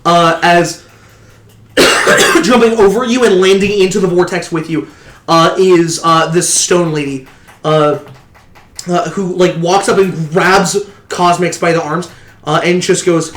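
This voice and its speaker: A man narrating as game master of a tabletop role-playing game, halting with many fillers and restarts and laughing often. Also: high-pitched, steady tone, a bit bright. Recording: echoey room, faint noise.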